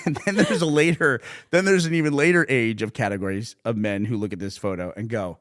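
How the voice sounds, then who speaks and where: Animated man chatting on a podcast. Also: mid-range voice, fast talker, hardly any pauses. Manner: animated storytelling, laughing often, mocking voices for quotes. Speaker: podcast co-host. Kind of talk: casual chat.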